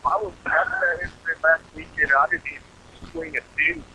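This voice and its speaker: A man calling into a radio show and telling a story, animated and laughing at his own tale. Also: fairly high pitch, fairly quick, slight background noise, poor audio. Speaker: caller.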